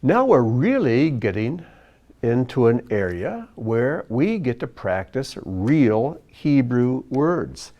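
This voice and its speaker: A man teaching a video lesson, explaining slowly and patiently. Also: mid-range voice, dull audio. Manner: slow, patient explaining with lively ups and downs. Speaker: Hebrew teacher.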